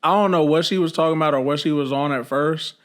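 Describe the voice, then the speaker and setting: A man's voice: on the high side, quick pace. A young man co-hosting a podcast, chatting casually and telling rambling stories full of slang and fillers. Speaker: podcast co-host. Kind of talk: casual chat.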